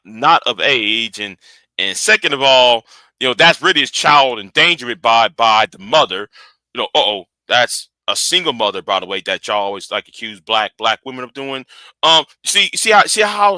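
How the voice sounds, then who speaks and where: A man hosting a livestream, reacting to a clip with animated, argumentative commentary aimed straight at his audience. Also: medium pitch, normal speed, no room sound. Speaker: livestream host.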